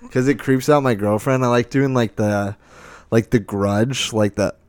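A man's voice: mid-range voice, unhurried, slight background noise. A man in his late twenties hosting a podcast, chatting loosely and swearing, with a rambling, filler-heavy style. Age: 20s. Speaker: podcast host. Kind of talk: casual chat.

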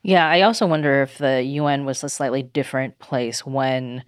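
A co-host in casual chat, skeptical and quick to correct. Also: mid-range voice, steady tone, clean tone, no echo, clean studio sound.

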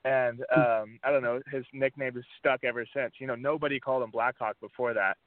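A young man, a college football player, answering interview questions in a relaxed way with lots of filler words. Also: mid-range voice, fairly quick, dry recording. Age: young adult. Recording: dry phone-line audio.

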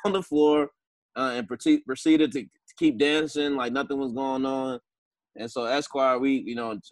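A man co-hosting a podcast, telling a trip story in a halting, repetitive, casual way. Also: mid-range voice, no room sound. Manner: halting, repeats words while telling a story. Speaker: podcast co-host.

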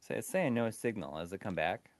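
A man's voice: on the low side, animated, fairly quick, over music. A man co-hosting a gaming live stream, playful and joking in casual chat. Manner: playful, jokey, makes silly sound effects.

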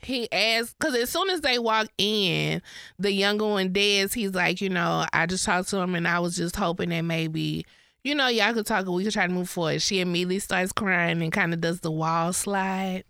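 Woman, podcast co-host, relaxed blunt chat, bright voice, dry close recording. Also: on the low side, normal speed, clear, resonant tone, no echo. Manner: relaxed, lots of agreeing murmurs, blunt slang. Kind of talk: casual gossip chat.

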